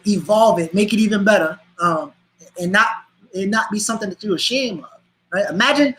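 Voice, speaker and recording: A man from Charleston with a Charleston Lowcountry accent, speaking as an interview guest in a passionate, emphatic way with rhetorical questions. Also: a bit bright, low-quality recording. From Charleston, South Carolina. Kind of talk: interview conversation.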